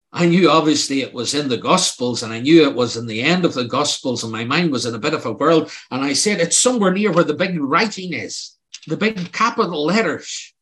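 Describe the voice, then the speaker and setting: A man's voice: on the high side, fairly bright tone. An older man preaching a sermon, telling his own testimony in an earnest, pleading way that rises to emphatic outbursts.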